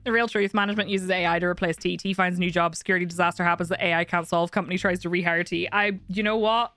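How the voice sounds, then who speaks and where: A woman's voice: on the low side, fairly even intonation, quick pace, fairly bright tone, dry recording. A young woman streaming and chatting casually with viewers, candid and talkative, laughing often.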